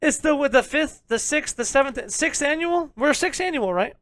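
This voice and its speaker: A young man rants on a podcast with a loud, jokingly abrasive edge. He swears freely and teases his listeners. The recording is close and dry. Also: very high-pitched, expressive, moderate pace, dry recording. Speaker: podcast co-host. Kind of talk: casual ranting review chat.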